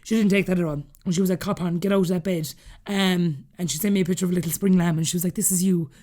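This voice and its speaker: Irish woman in her 30s rattling off a personal story, acts out the back-and-forth, talks quick. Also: lowish voice. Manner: rapid, animated, acts out quoted dialogue. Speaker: podcast guest.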